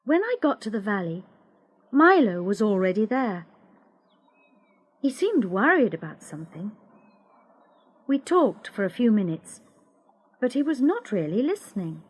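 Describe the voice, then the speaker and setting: A woman reading a story aloud for English learners, slow, clear and expressive. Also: mid-range voice, dry recording. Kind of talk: scripted narration for English learners.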